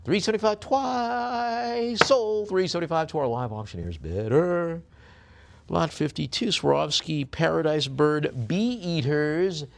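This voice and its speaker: A man working as an auctioneer, describing each lot in a relaxed, joking way, then chanting the bids quickly. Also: medium pitch. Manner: rapid bid chanting between chatty, joking descriptions. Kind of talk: live auction calling with item descriptions.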